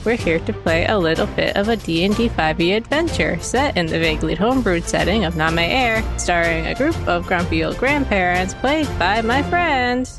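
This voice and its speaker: A woman hosting and running a tabletop role-playing game podcast, relaxed and giggly as she introduces the players. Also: lowish voice, normal speed, hardly any pauses. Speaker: game master. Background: music.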